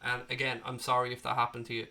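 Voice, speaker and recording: Talking fast and mostly in a monotone, the Irish livestream host reads his chat aloud while nursing a cold, cursing freely and calling viewers mate. His mid-range voice carries a bright, forceful tone.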